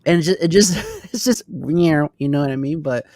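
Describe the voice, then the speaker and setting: A man co-hosting a casual podcast chat, animated and swearing now and then. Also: fairly high pitch, normal speed, no echo, studio quality. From Texas. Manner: animated, swears, laughs often. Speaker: podcast co-host.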